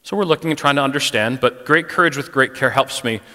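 This is a frank, personal church talk on mental health, delivered by a middle-aged man who says "like" often as he chats with the congregation. The pace is fast and the pitch medium, with a bright, forceful tone, and the sanctuary gives his voice a long echoing reverb.

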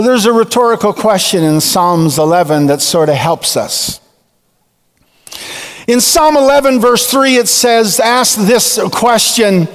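A man preaching a sermon in a slow, deliberate way with dramatic pauses. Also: extremely high pitch. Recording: long reverb of a large hall.

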